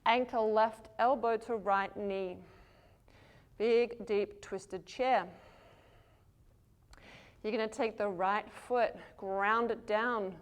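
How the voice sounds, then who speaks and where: A woman teaching a yoga class, calmly cueing poses and breaths while moving, breathing heavily herself. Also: mid-range voice, slow, long pauses, clean tone. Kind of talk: guiding a yoga flow.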